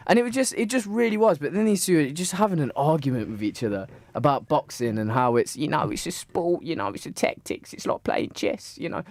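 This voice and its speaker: A man's voice: fairly high pitch, lively intonation, brisk, hardly any pauses, darkish tone, dry recording. A young man co-hosting a podcast, telling a long story in casual chat, full of fillers and restarts. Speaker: podcast co-host.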